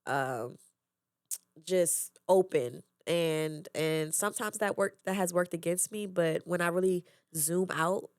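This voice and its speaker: A young woman guest on a podcast talks frankly about herself. Her voice sits low, and it is recorded close and dry. She is reflective and quick to laugh. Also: darkish tone, clean tone, no room sound. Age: young adult. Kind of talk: casual chat.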